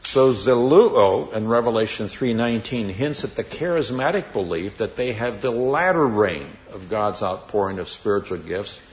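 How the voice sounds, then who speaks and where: A man teaches from the Bible in a sermon, reading scripture emphatically and then explaining it deliberately, with an occasional filler. His voice is fairly low in pitch and animated.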